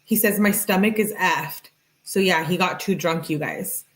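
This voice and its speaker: A woman's voice: lowish voice, measured pace. A woman streamer reading text messages aloud, breaking in with sarcastic comments and thanking viewers in the chat. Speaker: true crime streamer.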